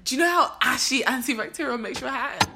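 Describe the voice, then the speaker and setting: A woman's voice: sits high, quick pace, heavy background noise. A young woman co-hosting a podcast in casual chat, teasing and laughing a lot. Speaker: podcast co-host.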